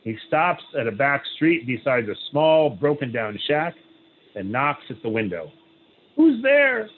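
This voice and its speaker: Rabbi reading aloud over a tinny call. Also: male voice, mid-range voice, expressive. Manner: reads with pauses, frequent "right?" and "uh" asides. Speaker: rabbi leading a study group. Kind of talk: reading a story aloud, then opening discussion. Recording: tinny phone-like line, faint hiss.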